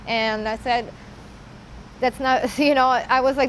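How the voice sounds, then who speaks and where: Earnest woman with a slightly high voice. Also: fairly even intonation, slight background noise, low-quality recording. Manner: earnest, halting, with many "like" and "you know" fillers. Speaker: interviewee sharing her story. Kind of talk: personal testimony.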